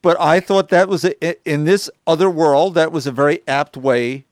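A man co-hosts a relaxed comics chat, weighing his views in measured phrases. His voice is a little high for a man and sits dry and close on the mic. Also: no echo. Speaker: podcast co-host. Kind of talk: casual comic book chat.

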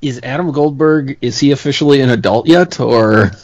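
A man's voice: mid-range voice, moderate pace, no echo, highs cut off. Young man, mid-range voice, brief crude jokes, casual chat, dry sound. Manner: short crude wisecracks.

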